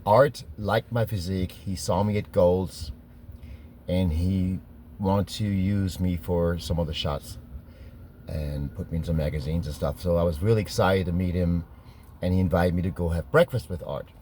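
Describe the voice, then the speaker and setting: Deep-voiced German man telling stories. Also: steady tone, normal speed, darkish tone, slight background noise. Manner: rambling, self-correcting, laughs at his own stories. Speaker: fitness trainer telling stories. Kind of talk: casual storytelling monologue.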